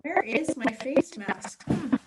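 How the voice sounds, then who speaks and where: A woman's voice: sits high, animated, slow, very noisy. A woman teacher with a robotic-sounding voice effect, cheerful and going along with the joke. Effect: robotic voice filter.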